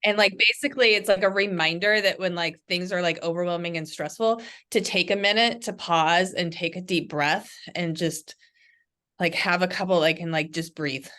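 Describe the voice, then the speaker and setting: A woman with a somewhat low voice speaks casually over a video call, as a school principal sharing her own habits. Her talk is loose and chatty, packed with "like" and "um" fillers. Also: steady tone, normal speed, bright, forceful tone. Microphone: video call microphone.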